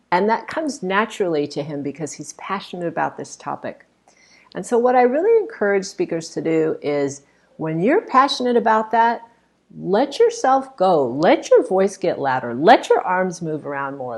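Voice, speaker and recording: A woman's voice: on the low side, gravelly, a little mellow. A woman speech coach critiquing a talk, explaining points in an emphatic, demonstrative way. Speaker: public speaking coach.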